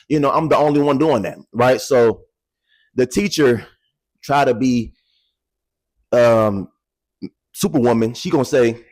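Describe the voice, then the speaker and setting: In a dry recording, a man in his twenties candidly tells viewers a personal story on camera, animated and casually profane. His medium-pitched voice is slightly rough, with a measured pace and long pauses.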